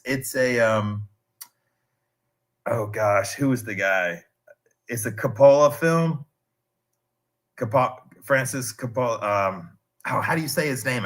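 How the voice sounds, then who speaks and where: A man's voice: medium pitch, fairly bright tone. A man in his thirties chatting casually on a stream, telling rambling, digressive stories with restarts. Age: 30s.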